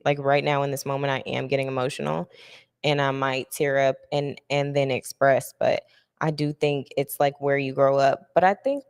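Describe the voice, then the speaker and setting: Woman, young adult, podcast host, candid, reflective, smooth, long reverb. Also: rumbling low, level tone, moderate pace. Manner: candid, reflective, laughs easily. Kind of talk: casual podcast chat.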